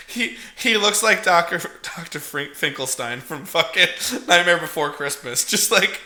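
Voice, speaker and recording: Bright-voiced man in an echoey room. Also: fairly high pitch, measured pace. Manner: animated, profane, laughing storyteller. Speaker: podcast co-host. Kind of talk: casual movie recap.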